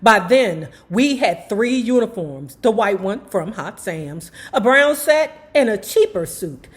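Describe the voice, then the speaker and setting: A woman's voice: mid-range voice, slow. A woman reading a memoir aloud in first person, stopping now and then for chatty asides to her viewers. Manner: animated, breaks off to talk to viewers.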